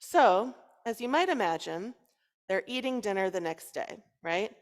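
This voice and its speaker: A woman rabbi telling a story to children during a service, lively and playful as she coaxes them to join in. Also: mid-range voice, unhurried. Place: synagogue sanctuary. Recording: long reverb in a large hall.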